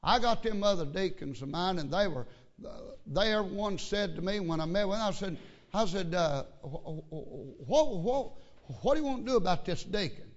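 A man's voice: high voice, lively intonation, a little fast. Folksy preacher man, muffled recording. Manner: folksy, repetitive, stammering restarts. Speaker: pastor. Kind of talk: sermon storytelling. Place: church.

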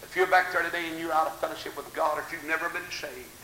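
A man preaching a fiery revival sermon. He moves from hushed storytelling to shouted exclamations. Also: a little high, quick pace. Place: church hall. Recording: echoey hall with faint tape hiss.

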